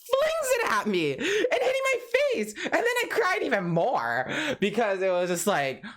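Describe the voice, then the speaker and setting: A young man vlogger telling a story in a casual, animated way, full of "like" fillers and laughter. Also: sits high, moderate pace. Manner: animated, swoops between laughing and mock-crying, heavy "like" filler.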